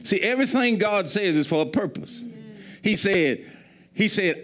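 Emphatic preacher man, high-pitched. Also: big pitch swings, fairly bright tone. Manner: emphatic, repetitive preaching cadence, slowing on key phrases. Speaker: pastor. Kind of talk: sermon.

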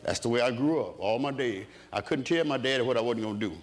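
A man's voice: medium pitch, quick pace. A man preaching a sermon in a rhythmic way, asking the congregation questions and answering them himself.

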